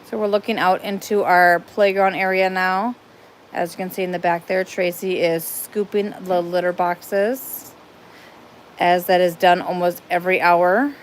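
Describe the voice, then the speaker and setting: A woman's voice: fairly low pitch, steady tone, a little slow, slight background noise. A woman hosting a casual live stream, chatty and rambling, filming on a phone while walking around an outdoor cat playground. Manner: chatty, rambling, laughs easily.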